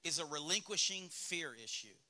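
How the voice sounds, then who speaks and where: Male pastor, Southern US accent, bright high voice, candid sermon in a church. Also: expressive, moderate pace. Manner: candid, conversational preaching with rhetorical questions to the congregation. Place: church sanctuary.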